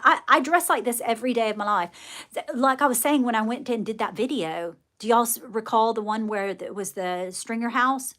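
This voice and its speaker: A woman's voice: mid-range voice, a bit bright. A woman telling a rambling story live to her viewers, chatty and folksy, full of fillers and restarts. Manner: folksy, addresses viewers directly. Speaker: live streamer. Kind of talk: casual live-stream storytelling.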